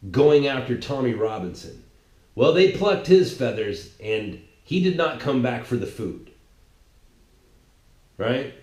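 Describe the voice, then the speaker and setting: A man's voice: medium pitch, darkish tone, echoey room. A man giving a heated political monologue, rambling and restarting his sentences as he goes. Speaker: political commentator. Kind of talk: ranting monologue.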